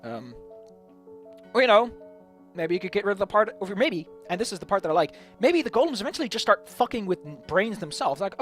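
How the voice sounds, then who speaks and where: A man's voice: high voice, sing-song, a little fast, fairly bright tone, faint music behind. A young man ranting off the cuff about a tabletop campaign idea, rambling with many restarts and frequent swearing. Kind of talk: unscripted solo rant.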